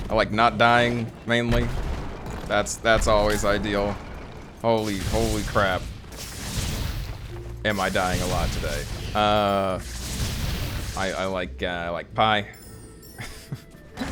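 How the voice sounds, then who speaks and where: A man's voice: lowish voice, animated, slow pace, long pauses. A man streaming gameplay live, talking to himself, yelping and groaning at the game, and rambling in asides. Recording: game music behind voice.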